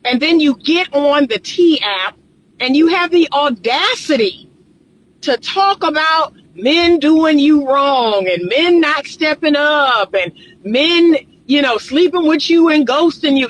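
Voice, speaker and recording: A woman's voice: sits high, lively intonation, slow, poor audio. A woman relationship coach giving reaction commentary, emphatic and lecturing, repeating her points.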